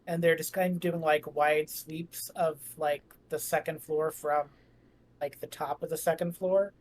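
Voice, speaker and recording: A man's voice: on the high side, flat delivery, measured pace, a little hiss or hum. Rambling male game master. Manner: rambling, filler-heavy, jokey. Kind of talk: narrating a tabletop game.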